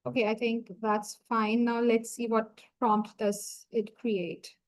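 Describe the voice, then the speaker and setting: A woman walking viewers through a software setup on a screen-share tutorial, talking through each click as she goes. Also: fairly high pitch, little pitch movement, low-quality recording. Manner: slow, explanatory, talks through each click. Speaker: software trainer.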